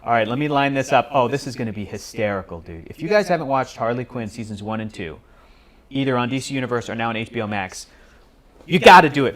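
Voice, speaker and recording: A man hosting a livestream, chatting with viewers in a loose, joking, excitable way. His pitch sits in the middle, and he talks straight into a home streaming mic. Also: fast. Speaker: livestream host. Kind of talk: live reaction stream.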